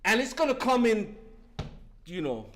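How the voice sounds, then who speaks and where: A man's voice: sits high, sing-song, measured pace, a little hiss or hum. A man in his fifties from New York, giving a passionate, profane recovery testimony and often breaking off with "listen" and "man.". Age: 50s. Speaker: speaker sharing at a recovery meeting.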